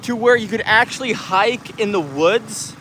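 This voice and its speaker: Outdoors with a handheld camera mic, a man from the United States hosts a casual live stream, laughing and joking over the chat he reads out. His voice sits high and unhurried, and there's background noise.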